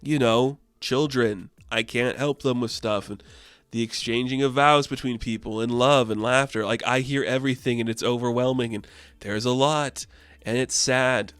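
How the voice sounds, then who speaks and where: A man's voice: medium pitch, fairly even intonation, moderate pace, fairly bright tone, clear, resonant tone, no echo, soft background music. A man reviewing comics in a casual, rambling way, with many fillers and the odd swear word.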